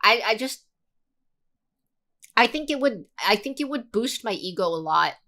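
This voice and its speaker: A woman livestreamer chats casually in an animated, crude and rambling way. Her voice is high and bright, and she swears freely as she goes. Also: moderate pace.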